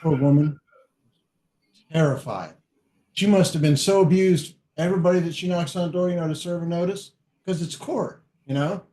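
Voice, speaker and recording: A man telling profane, animated stories as a guest in a casual podcast chat. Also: a little high, moderate pace. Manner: animated, profane, acts out quotes. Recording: echoey room.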